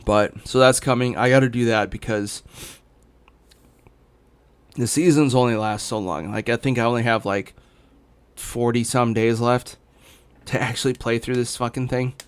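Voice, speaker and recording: A man's voice: medium pitch, steady tone, normal speed, smooth. A young man chatting casually as a gaming streamer, rambling with many fillers and restarts while hiccuping. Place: home in Los Angeles.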